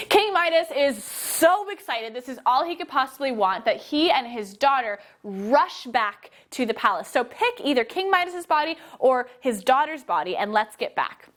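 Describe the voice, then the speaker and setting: A young woman telling a story to children while leading them through movement, energetic and encouraging. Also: high-pitched, normal speed, few pauses. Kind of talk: guided kids' yoga storytelling.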